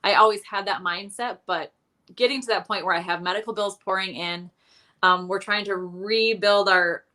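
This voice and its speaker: A woman guest in a casual interview, recounting her money struggles with candid, self-mocking humor. Her voice is bright and forward, and she talks loosely with frequent ums and restarts. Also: medium pitch. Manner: candid, self-deprecating storytelling with many fillers.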